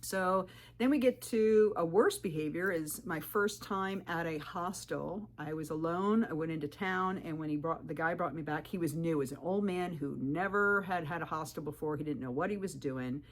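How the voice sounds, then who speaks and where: A woman telling her hiking stories to the camera in a vlog, animated and firm, jumping up in pitch when she quotes people. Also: moderate pace. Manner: firm and direct. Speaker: thru-hiker vlogger. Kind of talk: storytelling vlog advice.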